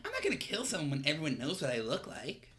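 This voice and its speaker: Male streamer voicing a manic female killer for a game playthrough; shrill, giggly, theatrical, very animated pitch. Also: fast, noisy background. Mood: boastful. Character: manic young female serial killer, gleeful and boastful. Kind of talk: voicing video game dialogue.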